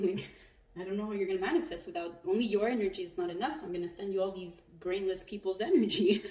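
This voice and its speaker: A woman's voice: medium pitch, fast, recorded from a distance. Chatty woman reading tarot in an echoey room. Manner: chatty, animated, swears and laughs often. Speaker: tarot reader.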